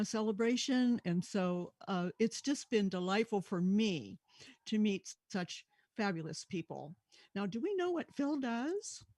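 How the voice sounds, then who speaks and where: A woman's voice: medium pitch, darkish tone, dry recording. A woman co-hosting a talk show, chatty and easygoing. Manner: chatty, easy and friendly. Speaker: co-host. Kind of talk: casual talk show chat.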